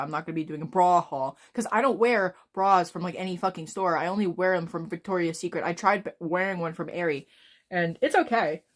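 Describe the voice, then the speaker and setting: Twenties woman streamer, fast, rambling, profane, fairly low-pitched. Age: 20s. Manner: rambling, swears a lot, talks fast. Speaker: livestreamer. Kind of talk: casual live stream chat.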